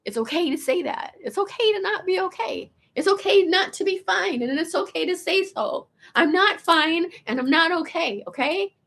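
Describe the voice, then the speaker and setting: A woman in her fifties with a gravelly voice, telling a personal story in a rambling, profane way, full of restarts and repeated words. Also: very high voice, expressive, normal speed, few pauses, a bit bright. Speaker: vlogger. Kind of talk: casual confessional storytelling.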